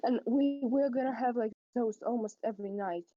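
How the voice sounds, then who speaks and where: A young woman talks casually on a stream, her speech hesitant and full of fillers. Her voice sits a bit high, and the audio is dull and lo-fi, like voice chat. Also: normal speed. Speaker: stream guest.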